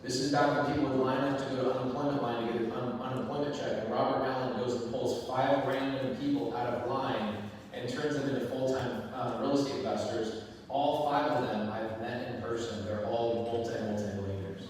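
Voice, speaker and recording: A man giving an energetic, conversational motivational talk to a live audience, acting out the dialogue in his story. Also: mid-range voice, a little fast, slight background noise. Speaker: event speaker. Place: large hall before an audience. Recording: echoey hall, distant mic, faint ambience.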